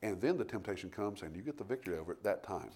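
A middle-aged man preaching a sermon, telling homey stories and building to forceful emphasis. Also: sits low, animated, very fast. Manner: folksy storytelling preacher, rising to forceful emphasis. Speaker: pastor.

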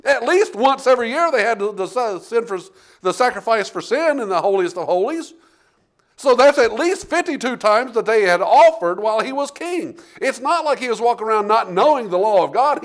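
A man preaching a sermon, reading King James scripture and calling out to the congregation, with big swings between loud and quiet. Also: very high voice, a little fast. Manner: animated preaching with big swings in loudness, asking the congregation "Amen?".

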